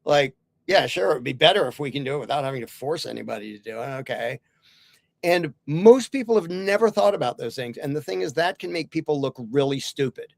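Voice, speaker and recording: A man's voice: fairly high pitch, animated, fairly quick, creaky, a little mellow, no room sound. A man talking as a podcast guest and author, earnestly explaining his ideas through hypothetical questions in a casual interview.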